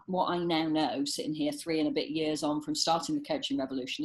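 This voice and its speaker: A woman from Britain hosting a podcast interview, chatty and animated, often laughing as she talks. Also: low voice, a little hiss or hum. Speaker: podcast host.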